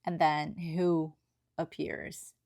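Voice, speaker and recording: A woman's voice: low-pitched, level tone, drawn-out words, vocal fry, a little mellow. A woman giving an earnest, emotional book review in a casual, chatty way, often checking in with tag questions.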